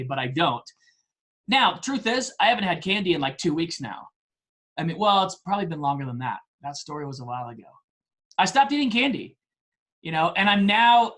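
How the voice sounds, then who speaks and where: Animated man in his forties telling stories. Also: a little high. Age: 40s. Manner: animated, laughing often, self-deprecating. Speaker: podcast guest. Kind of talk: casual storytelling.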